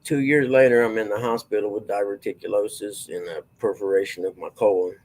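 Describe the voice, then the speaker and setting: A man's voice: lowish voice, fairly even intonation, brisk, darkish tone, a little hiss or hum, rough recording. A middle-aged man, telling long rambling stories in a folksy, drawling casual chat.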